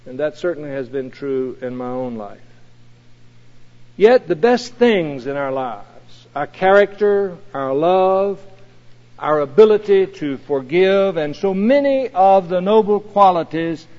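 Slow, high-voiced male preacher. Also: expressive. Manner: earnest, measured storytelling. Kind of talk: sermon. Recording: dull recording in a reverberant hall.

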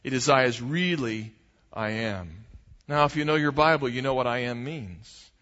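Preaching man in a reverberant church. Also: lo-fi sound. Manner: lively preaching, rising for emphasis and dropping low and slow on key points. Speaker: pastor. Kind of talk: sermon.

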